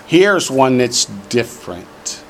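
A man's voice: medium pitch, big pitch swings, slight background noise. A man teaching a Hebrew class, drilling word forms for the students to repeat and slipping in jokes. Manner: slow, drawn-out drilling of words for repetition; joking asides. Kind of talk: classroom lesson.

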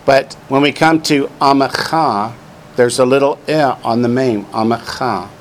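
A man's voice: medium pitch, a little slow, a little hiss or hum. A man teaching a class from a textbook, drilling vocabulary and adding dry joking asides. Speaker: Hebrew teacher. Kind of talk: classroom lesson, reading from a textbook.

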